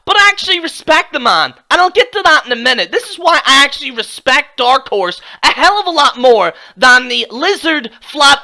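Lively, bright-voiced Irish man ranting. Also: extremely high pitch. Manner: mocking, profane, excitable. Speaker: wrestling YouTuber. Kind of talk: reaction rant.

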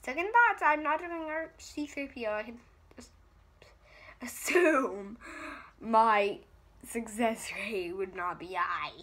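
A woman's voice: on the high side, slow, pauses often, fairly bright tone. A woman chatting casually in a vlog, rambling, giggly and self-deprecating. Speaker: vlogger.

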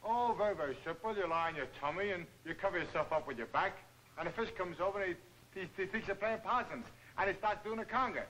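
An actor playing a cheerful, dim-witted boxer who rambles earnest slangy nonsense, in 1940s film comedy acting. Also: male voice, sits high, quick pace, fairly bright tone, a little hiss or hum, poor audio.

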